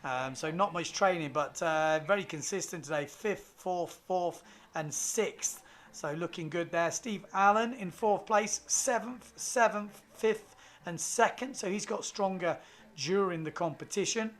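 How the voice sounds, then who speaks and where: A man with a fairly high voice talks viewers through a live race. His manner is loose and chatty, with plenty of fillers as he reads out placings. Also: unhurried, a bit bright. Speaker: race commentator. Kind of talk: live sports commentary.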